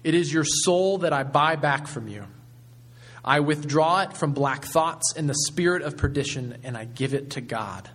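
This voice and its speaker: Man reading as a gracious old bishop, solemn and earnest, a touch higher than his own voice. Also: lively intonation, unhurried, a bit bright. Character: gracious elderly male bishop, gentle and solemn.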